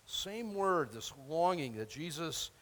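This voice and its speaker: A man preaching a sermon as pastor, animated and chatty, acting out biblical figures and laughing between points. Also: fairly high pitch, takes it slowly, in a large hall.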